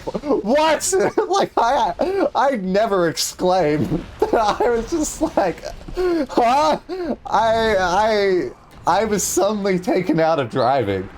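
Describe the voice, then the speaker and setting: A man's voice: medium pitch, a little hiss or hum. A young man, casually chatting on a stream and rambling through a story with swearing and laughs.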